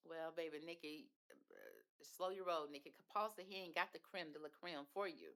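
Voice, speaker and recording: A woman's voice: fairly low pitch, big pitch swings, brisk, sharp tone. A woman hosting a casual reality TV recap, sassy and chatty, who calls her viewers baby. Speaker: reality TV commentator host.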